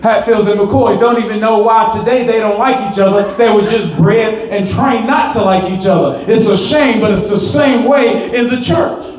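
A man with a high-pitched voice preaching in a church sanctuary. He is animated, repeating his words as he builds emphasis, and the voice rings out through a roomy, echoing space. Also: normal speed, few pauses. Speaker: pastor. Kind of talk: sermon.

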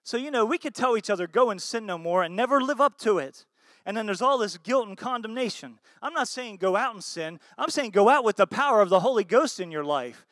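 High-voiced emphatic American pastor preaching. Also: male voice, animated, a little fast, dry recording, clean studio sound. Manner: swings between loud emphatic bursts and low soft asides; asks the congregation rhetorical questions. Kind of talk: sermon.

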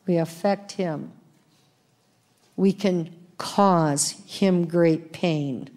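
A woman pastor preaching a sermon, laughing often and reading scripture slowly with emphasis. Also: on the low side, a little mellow.

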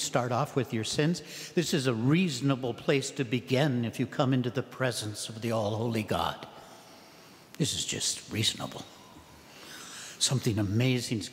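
A man giving a parish mission talk as an abbot, preaching in a lively way and acting out the prayers and the people in the pews. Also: medium pitch, big-room sound. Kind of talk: sermon. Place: church.

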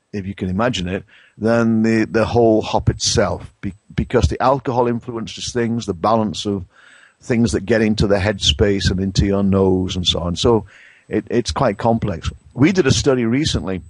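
Low-voiced Englishman with many restarts. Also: a little mellow, dry recording. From England. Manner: hesitant, many restarts and fillers. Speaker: brewing science professor, guest. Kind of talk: conversational expert interview.

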